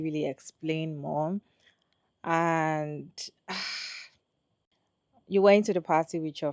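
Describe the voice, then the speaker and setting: A woman's voice: low-pitched, darkish tone, dry recording, studio quality. A woman hosting a commentary channel, musing over a story and raising questions about it. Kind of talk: reaction commentary.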